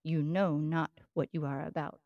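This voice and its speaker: A woman's voice: deep voice, fairly even intonation, normal speed, no echo, highs cut off. Lady reading as an old english dad giving his girl serious advice, put-on british accent, dry close sound. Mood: earnest. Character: stern, loving old English father advising his daughter. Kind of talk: dramatic reading of a novel passage.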